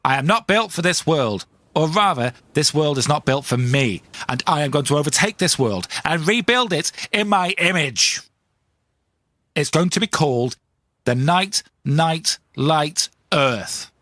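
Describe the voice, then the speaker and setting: A man's voice: fairly high pitch, lively intonation, unhurried, fairly bright tone, dry recording, studio quality. A man hosting a comedic podcast monologue, ranting in a self-mocking way. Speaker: podcast host.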